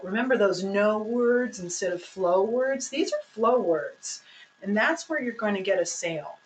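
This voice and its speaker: A woman's voice: mid-range voice, lively intonation, normal speed, fairly bright tone, slight background noise, poor audio. A woman leads a sales training session. She leans hard on key points and speaks with a coaching, instructive drive. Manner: emphatic, coaching delivery. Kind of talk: training presentation.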